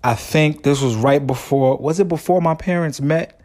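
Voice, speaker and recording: A man's voice: a little high, normal speed, a little mellow. A man hosting his own podcast, telling a long story in a rambling, slangy way with many restarts. His family comes from Guyana. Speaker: podcast host. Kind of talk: casual solo podcast monologue.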